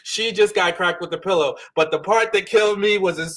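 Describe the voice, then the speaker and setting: Male podcast co-host, casual recap talk, animated, slightly high voice. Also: a little fast. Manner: chatty, animated, acts out quoted lines. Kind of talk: casual reality-show recap.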